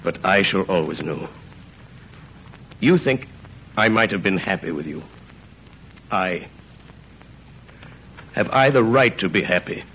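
An actor playing a remorseful ex-convict, speaking in a grave, halting, low voice in an old radio drama. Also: male voice, expressive, a bit bright, slight background noise, heavily acted, low-quality recording. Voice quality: deep, gravelly. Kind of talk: 1930s radio drama acting.

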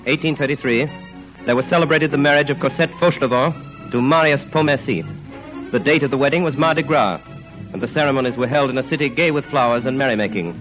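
Bright, measured male radio narrator. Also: mid-range voice, dull audio, faint music behind. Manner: measured, formal storytelling.

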